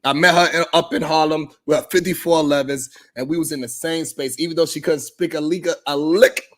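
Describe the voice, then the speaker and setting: Man telling a comic story with animated energy. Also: on the high side, brisk. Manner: animated and profane, often laughing. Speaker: host of a live stream show. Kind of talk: comedic storytelling.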